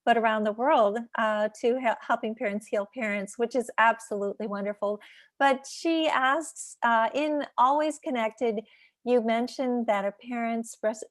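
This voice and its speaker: A woman's voice: fairly high pitch, no room sound, studio quality. A woman hosting an online talk, reading audience questions aloud with enthusiasm.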